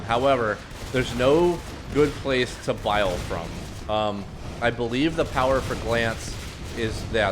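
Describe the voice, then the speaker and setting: A man's voice: medium pitch, a bit bright, slight background noise. A man from Florida giving live play-by-play commentary on a team game, talking with frequent fillers and self-corrections, his throat strained from allergies. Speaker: esports commentator.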